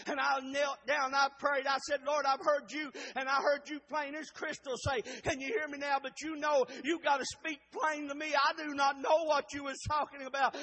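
A preacher delivers a revival sermon in a very high voice. His tone is bright and cutting, and he hollers his lines with fervent repetition.

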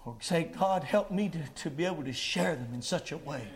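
A male preacher, giving a sermon that swings between hushed pleading and shouted exhortation. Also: fairly high pitch, animated, a little fast.

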